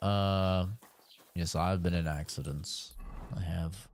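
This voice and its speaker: A man's voice: deep voice, fairly even intonation, takes it slowly. A man streaming a game, telling casual stories with loose swearing and laughter. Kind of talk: casual chat while gaming.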